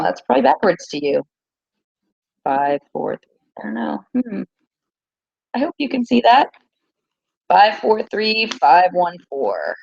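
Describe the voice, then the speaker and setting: A woman teacher hosting a casual quiz livestream from her small home, chatty and repeating things slowly. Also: medium pitch, vocal fry, no echo, lo-fi sound.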